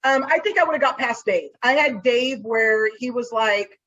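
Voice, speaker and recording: A woman's voice: a little high, fairly quick, few pauses, dull audio. A woman private investigator telling a story in a casual interview, acting out what she said to people along the way. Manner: animated storyteller acting out her own lines.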